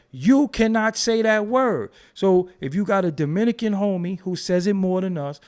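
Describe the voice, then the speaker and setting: A young man who hosts a commentary vlog and rants bluntly, cursing and repeating himself. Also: sits high. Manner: blunt, profane, repetitive. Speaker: commentary channel host. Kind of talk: ranting commentary.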